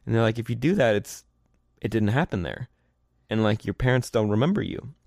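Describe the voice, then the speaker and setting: A man's voice: lowish voice, animated, fairly quick, gravelly, a little mellow, no room sound, clean studio sound. A man casually chatting about comics as a podcast co-host, retelling stories and saying "like" a lot. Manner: storytelling, heavy use of "like".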